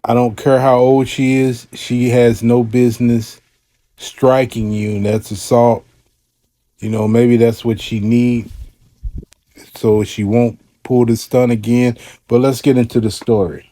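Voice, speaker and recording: A man with a mellow, dark-toned voice talks over a viral clip and then reads a news story aloud, adding his own remarks. His delivery is relaxed and conversational. The sound is dry and close, with little room behind it. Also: medium pitch, unhurried, no room sound. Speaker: commentary host. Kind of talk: reaction commentary and reading a news story.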